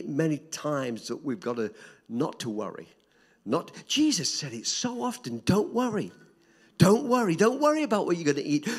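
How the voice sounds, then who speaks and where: Older preacher guy, sermon, gets loud and repeats stuff then drops real quiet. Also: on the high side. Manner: dramatic swings between loud emphatic repetition and soft hushed drops.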